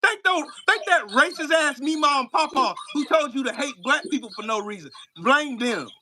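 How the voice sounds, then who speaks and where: A man's voice: very high-pitched, lively intonation, moderate pace, noisy background. A man hosting a live stream, taunting and trash-talking in a profane rant from his home setup.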